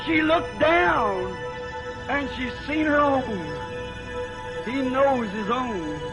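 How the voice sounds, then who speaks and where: High-voiced folksy preacher. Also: male voice, lively intonation, very slow, over music, rough recording. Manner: folksy, plain-spoken parable telling. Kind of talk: sermon storytelling.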